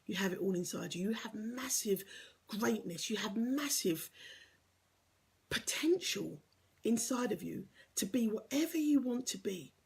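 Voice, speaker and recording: A woman's voice: medium pitch, animated, normal speed, vocal fry, hardly any pauses, darkish tone, husky. A woman giving an earnest, encouraging motivational talk as a life coach, sometimes dropping to a whisper for emphasis.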